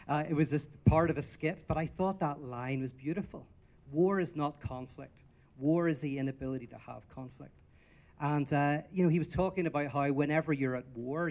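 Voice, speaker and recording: A man with a Northern Irish accent giving a talk to a live audience, quick and joking, poking fun at himself. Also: mid-range voice, darkish tone. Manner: quick, joking, self-mocking delivery. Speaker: guest speaker.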